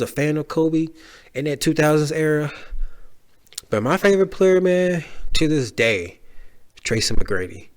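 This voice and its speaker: A man's voice: a little high, animated, unhurried, long pauses. A man hosting a solo podcast, talking casually with slang and restarts, heartfelt and rambling. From Dallas area. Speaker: podcast host.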